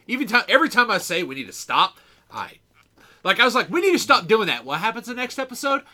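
A man's voice: high voice, bright, forceful tone. A man co-hosting a podcast in casual chat, rambling and self-mocking as he goes. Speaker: podcast co-host.

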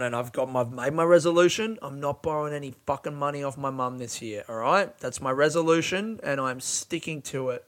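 A man's voice: mid-range voice, fairly bright tone. A young Australian man telling a rambling, sweary comic story about waiting for money.

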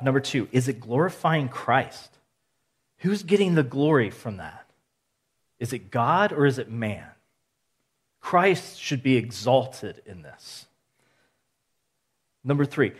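A man's voice: mid-range voice, slightly rough. Man preaching with rhetorical questions. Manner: measured teaching with rhetorical questions; steady, counts points aloud. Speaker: pastor. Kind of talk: sermon.

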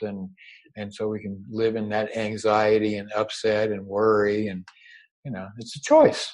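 A man giving a spiritual teaching over a video call, unhurried and gently reassuring, often repeating his words. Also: fairly low pitch, flat delivery, rough recording. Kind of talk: meditative spiritual talk. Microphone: own microphone over a video call.

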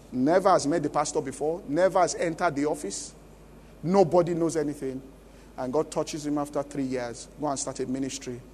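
A man's voice: fairly high pitch, a little mellow, long reverb tail, a little hiss or hum. A Nigerian man preaching a sermon as pastor at a church conference, emphatic and often asking the congregation questions. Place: large church conference hall.

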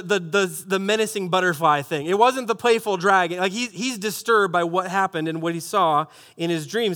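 A man's voice: high voice, fairly bright tone. A man preaching a sermon to a congregation, reading scripture and breaking into joking asides. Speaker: pastor.

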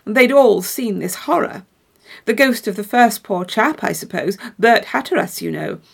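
A woman reading the part of a dapper gentleman who tells a ghost story, speaking calmly and gravely with a sly dryness. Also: a little high, unhurried, heavily acted. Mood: grave telling. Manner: calm, grave, slightly sly delivery. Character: dapper, composed man telling a ghost story.

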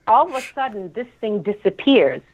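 A woman's voice: medium pitch, moderate pace. Boston woman on a tinny phone line. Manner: animated, dramatic retelling. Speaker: caller. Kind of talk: call-in storytelling.

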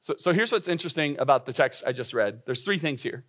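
A man's voice: mid-range voice, expressive, fairly bright tone. A man giving a sermon as a pastor. He speaks with urgency, asks the listeners direct questions and often restarts his words. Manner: earnest, urgent preaching with frequent quick restarts. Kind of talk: sermon to young adults.

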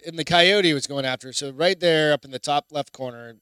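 A man's voice: fairly high pitch, brisk, fairly bright tone, clear, resonant tone, no room sound. Blunt, cussing man co-host. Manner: blunt, swears a lot. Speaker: podcast co-host. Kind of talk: casual chat.

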